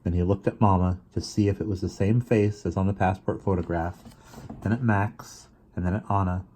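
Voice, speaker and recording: A man reading a children's novel aloud in steady storytelling narration. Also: deep voice, fairly quick. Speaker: reader.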